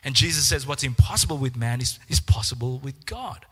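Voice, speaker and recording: A man preaching a sermon, animated, repeating words and acting out the voices he quotes. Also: medium pitch, fairly quick, husky, long reverb tail, soft background music.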